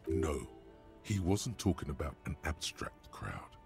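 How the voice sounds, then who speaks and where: A man voicing the deep, dry inner voice of a detective's mind in a video game, calmly commenting on what others say. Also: unhurried, soft background music, full character voice. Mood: knowing. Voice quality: gravelly. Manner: calm, wry commentary on others' lies. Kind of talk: game voice acting.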